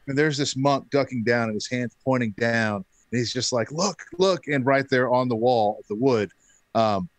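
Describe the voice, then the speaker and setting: A man in his thirties telling a long story in casual chat, animated and acting out what people said. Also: mid-range voice, moderate pace, dry recording. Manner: animated, acts out quotes. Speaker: podcast guest.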